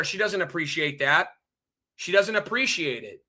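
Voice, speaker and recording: Ranting stream host, male, high and piercing, swears and repeats himself at chat. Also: big pitch swings, moderate pace, sharp tone. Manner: heated, profane, repetitive, addresses chat directly. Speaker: livestream host. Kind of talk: angry ranting livestream monologue.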